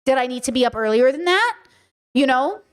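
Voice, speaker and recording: A woman hosting a casual podcast, her voice sitting high and bright. She chats with lively energy, slipping into little acted-out exchanges as she talks. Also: fairly quick, smooth. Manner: animated, acts out quoted exchanges. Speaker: podcast host reacting to a video. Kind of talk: casual chat.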